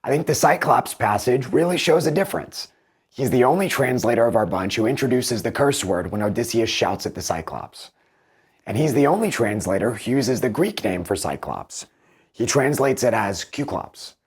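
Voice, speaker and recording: A man giving measured, analytical commentary as a book reviewer, comparing translations with animated emphasis. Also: medium pitch, breathy edge.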